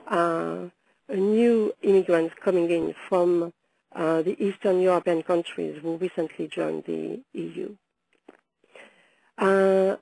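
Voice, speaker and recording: A woman with a sore throat delivers a webinar presentation, her voice hoarse and gravelly. Her tone is dark and mellow, and she moves at a measured pace, stopping often to hesitate. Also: lowish voice, dry recording, low-quality recording. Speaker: presenter, founder of a video project. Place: London.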